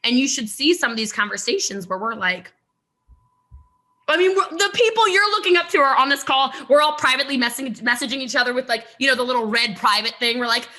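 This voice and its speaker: A woman giving an animated, emphatic motivational talk on a video call as a network marketing recruiter, with laughing asides. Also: sits high, a little fast.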